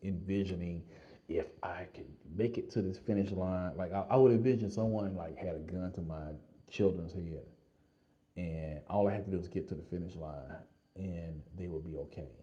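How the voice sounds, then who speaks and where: A man vlogging, telling a lively personal story in casual slang with frequent laughs. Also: deep voice, normal speed, lo-fi sound.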